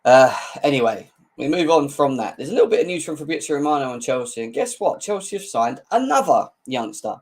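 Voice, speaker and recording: Mocking football fan streamer. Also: male voice, sing-song, fairly quick, hardly any pauses. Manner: mocking banter, slangy, laughs often, mimics rival fans in squeaky voices. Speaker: football channel host. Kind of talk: live-stream fan commentary.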